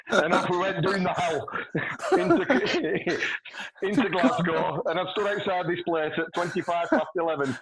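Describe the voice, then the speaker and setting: A middle-aged man spins a rambling, sweary yarn, breaking into laughter between lines. His voice sits a little high for a man, with a lively, chatty delivery. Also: slow, a loud crowd, rough recording. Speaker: podcast guest. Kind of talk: casual chat, anecdote telling.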